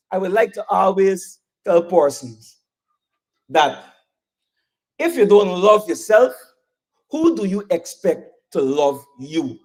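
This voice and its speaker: A man with a Guyanese accent giving a fiery campaign speech, repeating lines and calling out to the crowd for answers. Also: sits high. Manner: emphatic, repeats lines, call-and-response with crowd. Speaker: political rally speaker.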